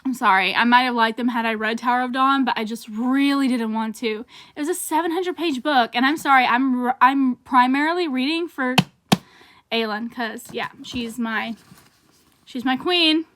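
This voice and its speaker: A woman's voice: fairly high pitch, moderate pace, background noise. A young woman reviewing books on her vlog in a gushing, dramatic, chatty way. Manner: gushing and dramatic, with outbursts and laughs. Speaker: book vlogger. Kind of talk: casual book review vlog.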